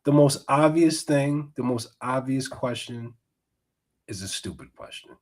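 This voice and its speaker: A man hosting a podcast, giving animated, mocking reaction commentary. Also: medium pitch, measured pace. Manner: animated, mocking, swings between mutters and outbursts. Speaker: podcast host.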